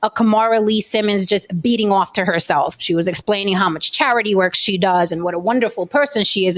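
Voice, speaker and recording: A woman giving expressive, mocking commentary as a panelist in a casual chat. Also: medium pitch.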